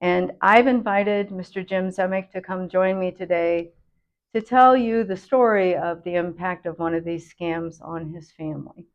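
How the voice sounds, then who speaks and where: A woman's voice: lowish voice, fairly even intonation, normal speed, highs cut off. A woman host, a computer consultant, earnestly explaining a public safety warning.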